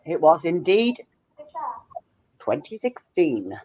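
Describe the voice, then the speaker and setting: A woman's voice: low-pitched, big pitch swings, slow pace, dark tone, no room sound. Woman reading quiz questions, dull dry sound. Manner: reads out answer options in a listing rhythm. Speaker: quiz host.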